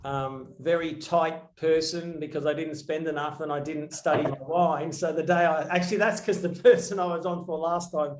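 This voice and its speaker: Male guest, a bit high, hesitant and jokey, echoey room with faint hiss. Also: steady tone, normal speed, few pauses. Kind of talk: casual chat.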